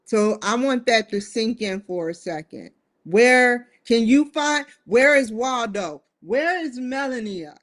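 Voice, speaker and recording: Slow, musing woman vlogger. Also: a little high, lively intonation. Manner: musing, addresses viewers directly with rhetorical questions. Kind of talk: casual talking-to-camera monologue.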